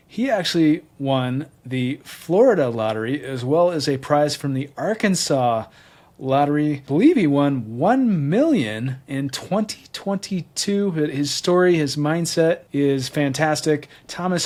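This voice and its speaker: A man's voice: a little high, animated, measured pace, darkish tone. A man hosting an interview, welcoming his guest with an enthusiastic delivery. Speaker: host.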